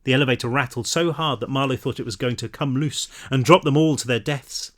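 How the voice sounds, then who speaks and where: A man reading his own novel aloud, relaxed, now and then correcting himself. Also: mid-range voice, brisk. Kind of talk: audiobook narration.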